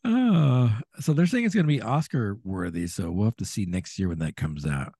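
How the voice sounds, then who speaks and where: A man co-hosting a podcast in casual chat, chatty and quick to laugh. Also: slightly rough, no echo. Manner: chatty, laughs often, animated pitch swings. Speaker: podcast co-host.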